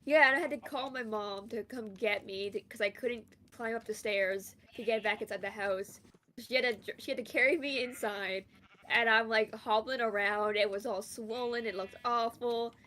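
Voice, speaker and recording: A young woman from Canada chats casually over a game stream, rambling through a story with lots of "like" and restarts. Her voice sits a touch high, with a faint hiss of noise underneath. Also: fairly even intonation, normal speed, pushed and bright. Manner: rambling storyteller, many fillers. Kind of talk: casual chat while gaming.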